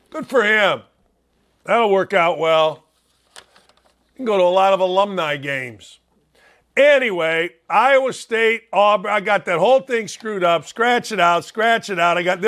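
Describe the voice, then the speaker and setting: Chicago-accented male sports host, high voice, blunt and fired-up, rambling solo talk. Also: a bit bright. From Northwest Indiana.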